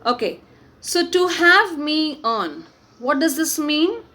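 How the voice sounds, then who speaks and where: A woman teacher walks students through a play. Her voice is high-pitched and swoops a lot. She talks slowly and keeps checking in with "okay". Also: expressive, sharp tone. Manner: explanatory, repeats points with "okay". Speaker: English teacher. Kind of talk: explaining a play in an online lesson.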